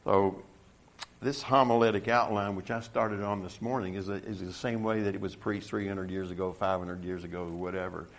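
Halting, self-mocking man preaching. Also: deep voice, little pitch movement. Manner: halting, stumbling restarts, self-deprecating humor; rises loud and emphatic when reading scripture. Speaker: pastor. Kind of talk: sermon.

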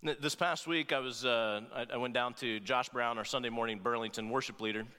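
Pastor guy preaching, bright punchy voice, chatty with lots of "right?", long hall reverb. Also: mid-range voice, fairly even intonation, a little fast, clean tone. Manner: conversational, with frequent "right?" asides and playful asides. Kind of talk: sermon.

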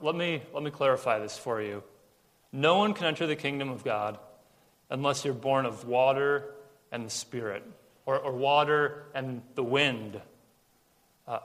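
A man's voice: mid-range voice, fairly bright tone. A man preaching a sermon in a casual storytelling way, acting out quotes and often repeating words as he talks. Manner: casual storytelling with acted-out quotes and frequent repetitions. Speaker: pastor. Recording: long reverb of a large room.

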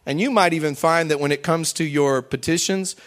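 A middle-aged man preaching a sermon, swinging between loud, high bursts and quiet, low asides, and acting out quoted voices in a raised pitch. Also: a little fast. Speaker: pastor.

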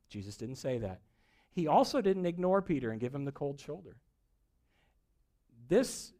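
A man preaching a sermon, telling a story with acted-out dialogue and swings between loud emphasis and quiet moments. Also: mid-range voice. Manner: storytelling preacher, acts out dialogue, rising and falling intensity. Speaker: pastor.

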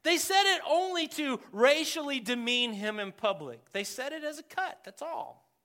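High, bright-voiced preacher, slow and emphatic. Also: male voice. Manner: animated, joking, emphatic, talks to the congregation. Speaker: pastor. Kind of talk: verse-by-verse sermon.

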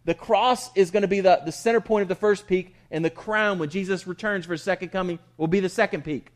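High-voiced emphatic pastor, man. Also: fairly even intonation, brisk. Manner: emphatic, conversational, asks and answers his own questions. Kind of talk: sermon.

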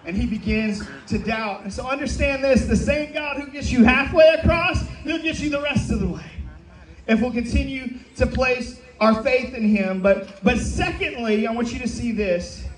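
A man's voice: very high-pitched, moderate pace. A man, a pastor, preaching a sermon with emphatic calls to the congregation. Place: church sanctuary. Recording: echoey hall, mic from a distance.

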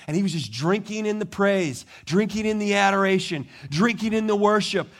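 A male pastor preaching a sermon, telling the story with lively, animated delivery and acting out the people in it. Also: high voice, brisk, hardly any pauses.

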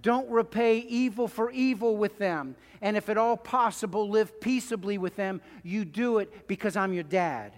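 A man preaching a sermon in a church, telling stories in an animated, emphatic way. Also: high-pitched, normal speed, hardly any pauses, long reverb tail. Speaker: pastor. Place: church sanctuary.

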